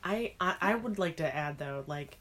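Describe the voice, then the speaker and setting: A woman co-hosting a podcast in casual chat, animated and expressive, often slipping into other people's voices as she retells stories. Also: sits low, normal speed, a little hiss or hum.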